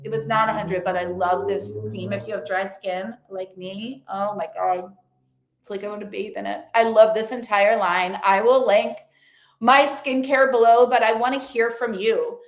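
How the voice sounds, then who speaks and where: In an echoey room, a woman vlogger talks to camera about lifestyle and faith with earnest chattiness. Her voice is mid-range, fairly even in intonation and at normal speed, giving a casual motivational talk.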